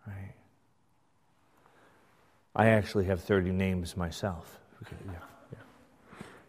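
Slow-speaking man teaching in a reverberant church. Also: low-pitched, steady tone, a little mellow, slight background noise. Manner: measured, emphatic teaching with rhetorical "right?". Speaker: pastor teaching a class. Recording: long hall reverb.

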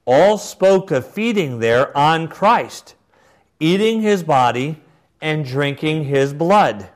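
A man's voice: on the high side, lively intonation, voice pushed up. A man putting on an old English bishop. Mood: solemn declaiming. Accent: put-on English. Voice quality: slow, raised, declaiming reading voice. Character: solemn Victorian English bishop, older man.

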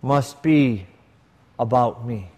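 A man's voice: medium pitch, slow pace, a little mellow, husky. A man, a priest, preaching a sermon and telling a story with quoted dialogue and varied emphasis. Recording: long reverb of a large hall.

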